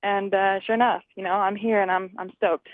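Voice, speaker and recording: A woman's voice: medium pitch, level tone, a little fast, no echo. Chatty woman on a tinny phone line. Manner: chatty, laughs often, reenacts dialogue. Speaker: guest fighter. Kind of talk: phone interview.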